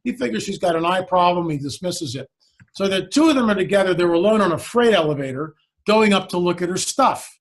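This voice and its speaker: High-voiced man telling a story. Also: brisk. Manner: animated storyteller who acts out the quoted dialogue. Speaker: guest. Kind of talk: storytelling in a conversation.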